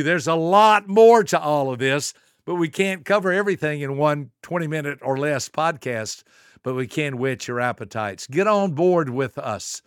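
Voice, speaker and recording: A man in his seventies hosting a motivational podcast, preaching with emphatic rhetorical questions and swinging between soft asides and booming lines. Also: clean tone, no room sound, studio quality. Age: 70s. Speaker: podcast host and motivational speaker.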